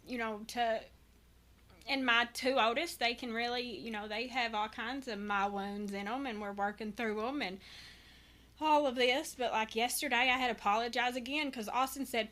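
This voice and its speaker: Bright earnest mother talking openly. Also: on the high side, normal speed. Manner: earnest, rambling, many restarts. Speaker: guest. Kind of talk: candid personal conversation.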